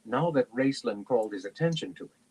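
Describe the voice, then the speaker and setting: A man reading a fantasy novel aloud in a steady, measured way on a livestream. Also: mid-range voice, breathy edge, rough recording. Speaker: reader.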